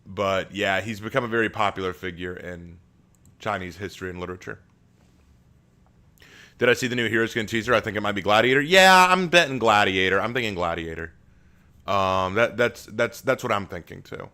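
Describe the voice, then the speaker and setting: A man's voice: on the low side, fairly quick, pushed and bright. A man hosting a casual live stream from home, chatting with viewers and reading their messages aloud.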